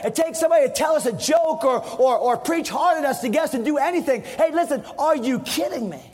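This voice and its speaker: A man preaching a fiery sermon as pastor, repeating his points, swinging from shouts down to hushed tones. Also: very high voice. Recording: long hall reverb.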